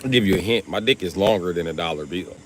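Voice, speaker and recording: A man hosting a livestream, riffing through a crude comedic monologue and jumping into high put-on voices for quotes. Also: fast, slight background noise. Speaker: livestream host.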